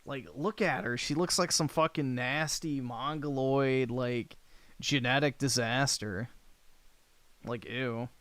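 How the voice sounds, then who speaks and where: A man hosting a livestream, talking in a blunt, crude and offhand way as he answers comments. His pitch sits in a middling range. The sound is close and dry, with no room echo. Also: fairly even intonation, slow, fairly bright tone. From United States. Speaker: livestream host. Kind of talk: casual livestream chat reading comments.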